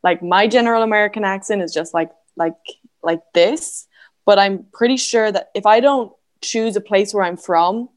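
An Irish woman, the guest on an interview podcast, chatting casually and laughing easily. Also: medium pitch. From Galway, Ireland. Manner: giggly, animated, quick to laugh. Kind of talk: casual chat.

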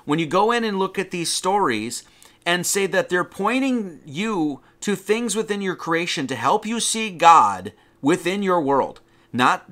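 Male preacher, lively bright delivery, sermon teaching with rhetorical questions. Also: high-pitched. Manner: animated teaching, rhetorical questions, quoting scripture.

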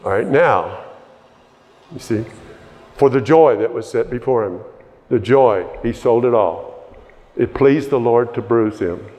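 A man preaching a sermon, conversational at first and building to emphatic high points. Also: a little slow, darkish tone. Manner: conversational, rising to emphatic peaks. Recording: long reverb of a large hall.

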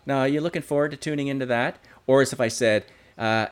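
A man chatting as a guest about running live and virtual events, animated and full of restarts and analogies. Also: medium pitch, fast, few pauses, smooth. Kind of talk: casual interview chat.

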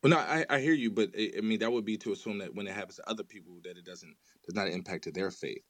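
A man's voice: lowish voice, fast, no room sound. A man making an earnest case in an online audio chat room, often repeating words as he starts a thought. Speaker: debate participant. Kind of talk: earnest theological debate.

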